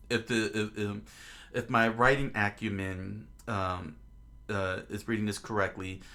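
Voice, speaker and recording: A man with a fairly low voice talks through a comic in relaxed, offhand commentary. His speech halts often, filled with ums, uhs and repeated starts as he gathers his thoughts. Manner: halting, full of ums and restarts. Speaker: comic reader and reviewer. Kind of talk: casual commentary.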